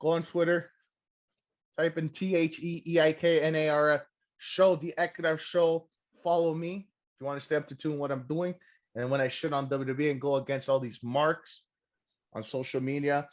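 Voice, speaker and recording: A young man hosting a podcast, talking in a loose, joking way and swearing freely. His voice sits a little high for a man. The sound is dull and lo-fi. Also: steady tone, moderate pace. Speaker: podcast host. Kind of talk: casual chat.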